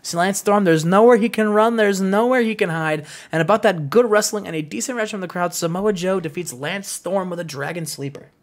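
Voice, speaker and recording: A man hosting a gaming show, narrating a wrestling sim in an excited, casual way. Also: high voice, fairly quick, hardly any pauses. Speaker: host.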